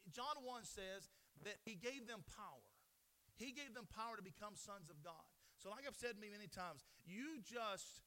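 A man preaching a sermon, building to loud emphatic questions and then dropping to a softer telling voice. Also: high-pitched.

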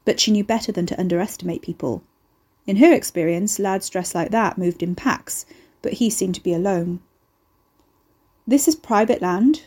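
A woman narrating a novel chapter as an audiobook, in a steady, measured way. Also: lowish voice, husky.

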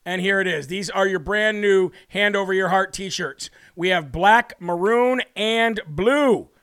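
A man's voice: high voice, unhurried, a bit bright, clean tone. A man hosting a political talk show, talking in a brash, mocking way with plenty of laughter. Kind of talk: brash casual commentary.

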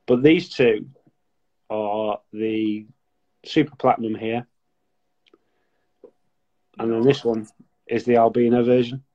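A man's voice: medium pitch, fairly even intonation, slow pace, pauses often, warm tone, lo-fi sound. A man from near Liverpool with a Scouse-sounding northern English accent, a blunt, profane guest chatting on a live video call. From northwest England, near Liverpool. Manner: blunt, profane, banter-heavy. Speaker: guest gecko breeder. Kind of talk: casual, sweary live chat. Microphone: webcam on a live video call.

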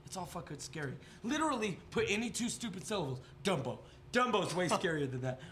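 A man's voice: high-pitched, big pitch swings, a little fast, a bit bright, a little hiss or hum. A young man hosting a podcast, chatting casually and telling jokey stories full of swearing. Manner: profane, rambling, jokey storytelling. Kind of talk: casual chat.

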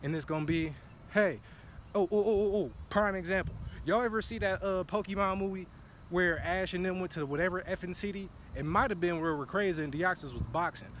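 A man talking casually in an earlier video clip, excited and rambling. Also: sits high, fairly quick, slight background noise. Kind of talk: casual talk in his own earlier video.

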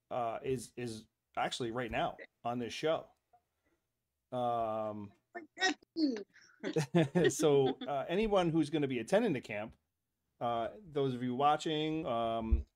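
A man's voice: medium pitch, darkish tone. A man hosting a podcast, chatting casually with many fillers and laughs. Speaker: podcast host. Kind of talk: casual chat.

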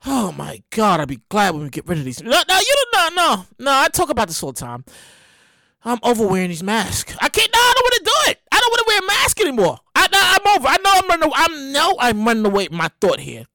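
A woman's voice: high voice, wildly swooping pitch, fast talker, pushed and bright, no echo, studio quality. A woman hosting a podcast in casual comedic commentary, exclaiming and repeating herself. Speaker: podcast host.

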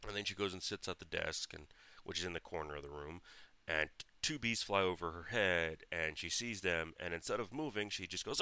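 A man's voice: low voice, fairly quick, bright, forceful tone, clear, resonant tone, no echo. A man hosting a podcast, telling a funny story in a casual, blunt and exasperated way. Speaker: podcast host.

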